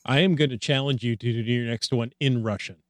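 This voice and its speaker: A man's voice: medium pitch, fairly even intonation, fairly quick, no echo. A man hosting a podcast, chatting casually and teasing his guest. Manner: joking, playful. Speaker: podcast host.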